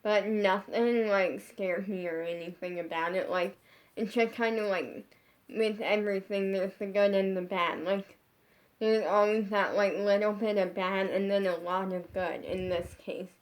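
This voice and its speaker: A woman talks straight to her followers in a casual storytime vlog from her bedroom. Her sentences wander and restart, padded with 'like' at every turn, at an ordinary mid pitch. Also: fairly even intonation, measured pace. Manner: rambling, heavy use of 'like', frequent restarts. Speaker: social media creator.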